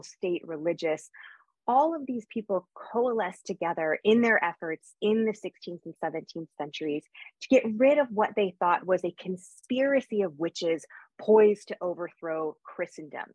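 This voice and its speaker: Fast-talking American woman lecturing. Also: lowish voice, no room sound, highs cut off. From United States. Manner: quick, lively lecturing with frequent fillers. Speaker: historian giving a conference talk. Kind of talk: academic lecture.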